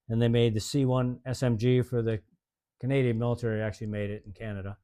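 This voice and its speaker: A man's voice: mid-range voice, mellow, smooth. A man in his sixties casually telling old stories in a folksy, rambling way, chuckling often. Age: 60s. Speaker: host telling service stories. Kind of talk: casual storytelling.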